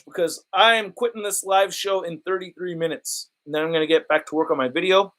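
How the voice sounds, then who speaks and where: A man's voice: sits high, steady tone, brisk, hardly any pauses, pushed and bright. A man hosting a casual live stream about toy collecting, rambling and joking, often laughing and repeating himself.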